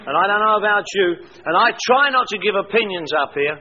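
A man's voice: high voice, animated, brisk, pushed and bright, slight background noise. An older man giving an emphatic, wry recovery testimony at a meeting. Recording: echoey hall, dull lo-fi sound.

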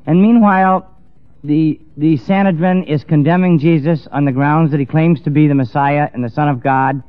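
A man's voice: on the high side, steady tone, moderate pace, clean tone, no echo. A man preaching a storytelling sermon in a dramatic manner, acting out the characters. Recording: dull dry lo-fi recording, faint music.

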